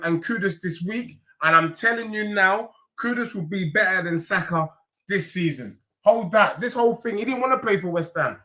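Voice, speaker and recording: A man talks through a live football reaction stream, animated and emphatic. His voice sits high and sounds bright and forceful. He leans on slang and hits his points hard. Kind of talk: casual live reaction chat.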